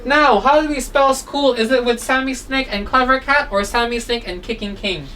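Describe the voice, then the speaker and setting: A woman teaching a phonics lesson to children, sounding out words slowly and asking "okay?" after nearly every line, coaxing and gently scolding. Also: a little high, recorded from a distance, poor audio. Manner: slow, drawn-out sounds, repeats "okay?" often; coaxing, mildly scolding when children drift.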